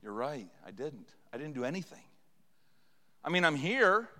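In a church sanctuary, a high-pitched male preacher delivers a revival sermon, his voice ringing with a long reverb. He speaks at a moderate pace with big pitch swings, building to loud, impassioned pleading as he acts out prayers.

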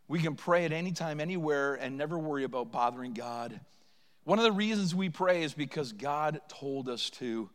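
A man's voice: a little high, expressive, moderate pace, a bit bright, long reverb tail. A man preaching a revival sermon in a church. He speaks with passion and acts out pleading prayers, his voice climbing as they build. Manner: impassioned, acts out pleading prayers with rising volume. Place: church sanctuary.

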